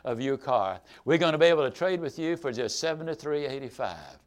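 A man voicing a smooth, courteous car salesman. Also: medium pitch, animated, a little fast, voice pushed down, natural voice. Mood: polite, persuasive. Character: persistent middle-aged male car salesman.

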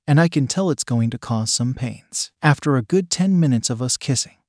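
A man's voice: mid-range voice, expressive, normal speed, darkish tone, no echo, clean studio sound. A man narrating an erotic story in a plain first-person reading.

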